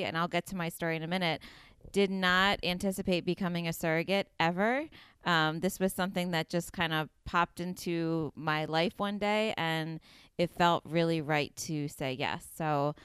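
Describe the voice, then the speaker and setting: An earnest woman in her thirties recounts a deeply personal story as an interview guest, pausing with fillers and acting out what people said. Her voice is strikingly smooth and clear and sits a little low. The recording is close and dry. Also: steady tone, fairly bright tone, dry recording. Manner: earnest, emotional storytelling with many fillers and quoted dialogue.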